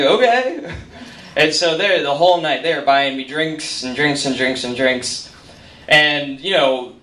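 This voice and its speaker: A man's voice: fairly high pitch, bright, forceful tone. A man telling a self-deprecating comic story on stage in a bar, quoting people in voices, with the audience laughing. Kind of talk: live stand-up storytelling. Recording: roomy, distant mic, noisy bar.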